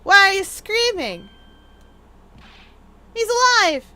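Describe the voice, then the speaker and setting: A woman's voice: extremely high pitch, big pitch swings, slow, a little hiss or hum, pitched above the performer's own voice, heavily acted. A woman playing a haughty, scornful prosecutor. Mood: scornful, indignant. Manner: scornful, imperious, sharp retorts. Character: haughty, whip-cracking young female prosecutor.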